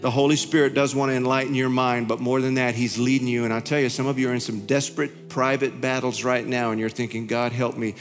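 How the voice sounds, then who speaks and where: A male pastor telling a story in his sermon, animated, his voice climbing high when he gets excited. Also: fast, few pauses. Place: large church hall. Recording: hall reverb with faint music.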